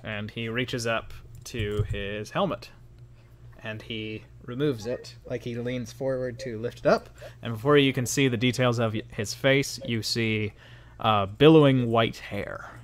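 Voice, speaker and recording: Slow-spoken male game master. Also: medium pitch, steady tone, a little hiss or hum. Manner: descriptive with many fillers and hedges. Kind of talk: narrating a tabletop game.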